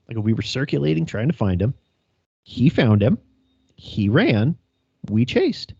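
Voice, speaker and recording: A man's voice: medium pitch, very animated, moderate pace, gravelly, pauses often, darkish tone, breathy edge, dry recording. A young male police officer telling a chase story on a casual podcast, laughing, swearing and acting out radio calls. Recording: dry, dull lo-fi sound.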